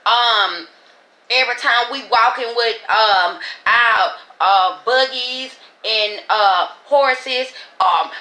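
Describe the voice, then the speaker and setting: Lady host ranting, cussing, real emphatic, high bright voice, echoey room. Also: slow. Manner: emotional, profane, emphatic. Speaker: podcast host. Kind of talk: casual commentary.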